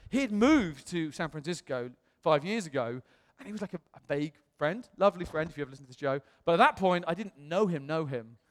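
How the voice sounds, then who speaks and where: Animated man preaching in reverberant hall. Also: on the high side, brisk, hardly any pauses. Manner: animated storytelling, acts out quotes, self-mocking humor. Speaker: pastor. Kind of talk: personal testimony sermon.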